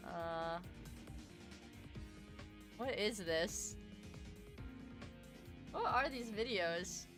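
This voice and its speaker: A young woman streaming, chatting casually as she reacts to videos, swearing freely and breaking into loud shrieks. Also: mid-range voice, lively intonation, extremely slow, over music.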